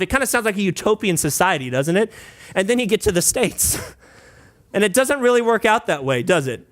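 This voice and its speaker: A man's voice: high voice, big pitch swings, a little fast, fairly bright tone. A man preaching a sermon as a pastor, conversational with asides and prompts to the congregation, sometimes singing or doing playful mock voices.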